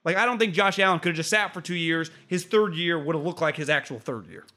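A man's voice: fast talker, pushed and bright. A man co-hosting a casual sports podcast, rambling through his points with restarts and an occasional swear. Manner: rambling with restarts and swings in pitch; casual, swears now and then. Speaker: podcast co-host.

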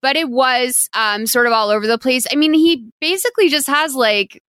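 A woman co-hosting a podcast, chatting casually about a movie with quick asides and frequent laughs. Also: high voice, fairly bright tone, clear, resonant tone, dry recording, studio quality. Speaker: podcast co-host.

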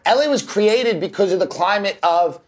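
A man's voice: high-pitched, animated, moderate pace. A man comedian as a guest in casual banter, ranting emphatically.

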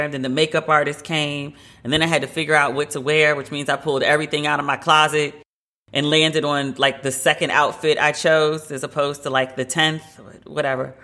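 A woman's voice: low voice, fairly bright tone. A woman hosting a casual solo podcast from her home loft, chatty and gushing, with a lot of filler "like". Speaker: podcast host.

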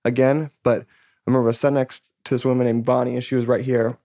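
A man's voice: mid-range voice, little pitch movement, quick pace, dark tone, dry recording, clean studio sound. A man of about thirty, a musician guest in a casual interview, telling his story candidly and rambling, with plenty of "like" and swearing. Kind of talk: casual podcast interview chat.

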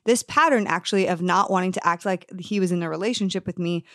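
A woman's voice: on the low side, quick pace, dry recording. Earnest woman podcast host, dry sound. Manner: earnest, candid, acts out quoted dialogue. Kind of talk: personal storytelling and advice.

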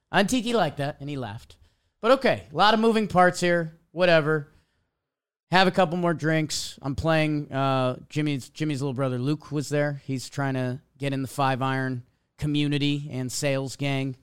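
A man's voice: a little high, clear, resonant tone. A young man telling a casual story as a podcast host, acting out little quotes as he goes. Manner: animated storytelling, acts out quotes.

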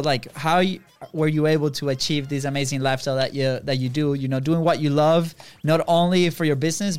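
A man co-hosting a business podcast in casual chat, upbeat and quick to laugh. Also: a little high, clean tone. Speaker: podcast co-host.

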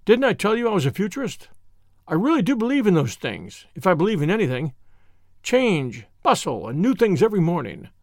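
A man's voice: high voice, very animated, brisk, a little mellow, dry recording, studio quality. A man voicing a flippant, mocking actor who poses as a brigand, read in a story. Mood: breezy. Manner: breezy and mocking.

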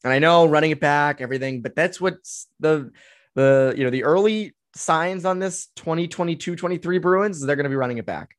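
A man's voice: on the high side, fairly quick, no room sound, clean studio sound. A man in his twenties hosting a solo sports podcast, talking casually and opinionatedly with many fillers as he answers listener questions. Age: 20s. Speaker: podcast host.

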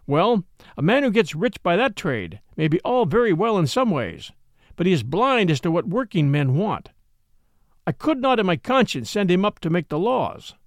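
A man's voice: high-pitched, sing-song, moderate pace, no echo. A man reading a grave, principled cab driver. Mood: earnest. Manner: earnest, firm, lecturing.

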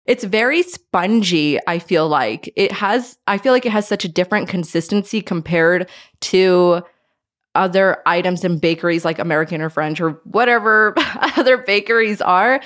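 A woman's voice: lowish voice, moderate pace, a bit bright. A woman from Idaho chatting as a guest on a podcast, enthusiastic and reflective, often saying "I feel like". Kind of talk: casual podcast chat.

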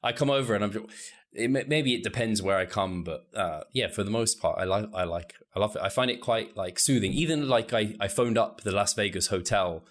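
British man, podcast host, relaxed and agreeable, deep low pitch. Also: a little fast. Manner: easygoing and agreeable, laughs often. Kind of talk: casual interview conversation.

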